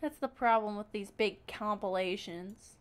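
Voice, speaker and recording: A woman's voice: medium pitch, unhurried, background noise. A woman casually commenting on videos she reacts to, offhand and joking, sometimes talking to her cat.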